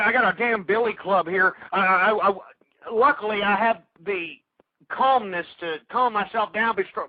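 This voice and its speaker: This high-pitched male radio host rages at callers in a political rant, hurling insults and tripping over his own restarts. The audio is tinny and phone-like, with no room sound.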